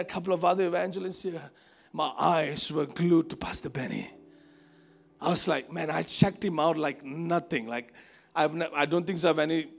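A man from Asia preaching a sermon to a congregation, telling a personal story in an animated, conversational way. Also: a little high, gravelly. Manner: animated, conversational, acts out quoted voices. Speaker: pastor. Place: church service before a congregation.

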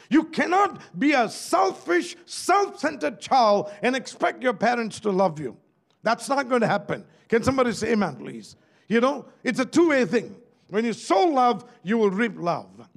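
A man's voice: extremely high pitch, gravelly. A man with a Malaysian English accent preaching a sermon as pastor, calling out to his listeners for amens and asking them questions. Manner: preachy, calls out for amen and asks the crowd questions.

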